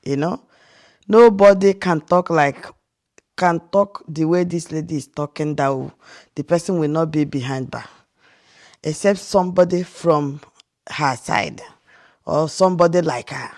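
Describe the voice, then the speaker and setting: A woman's voice: sits low, a little slow, long pauses, darkish tone. A Nigerian woman from Nigeria giving casual reaction commentary as a vlogger, incredulous and rhetorical, often restarting her sentences.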